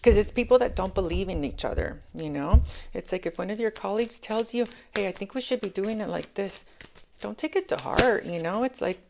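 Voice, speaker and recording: A woman's voice: mid-range voice, vocal fry, darkish tone, a little hiss or hum. A woman doing a casual, chatty tarot reading, often checking in with "okay?" and calling her listeners angels. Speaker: tarot reader.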